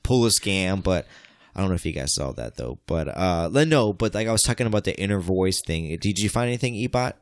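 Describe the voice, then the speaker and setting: A man's voice: deep voice, lively intonation, brisk, no room sound, studio quality. A man hosting a podcast, rambling and swearing in loose casual chat. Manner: rambling, profane, jokey. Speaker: podcast host.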